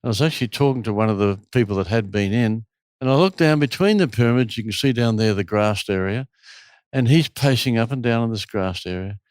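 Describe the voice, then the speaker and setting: A man's voice: medium pitch, brisk, no room sound. A man who runs a retreat, telling a long story in an interview and acting out the people in it. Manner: animated storyteller, acts out quotes. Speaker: retreat host.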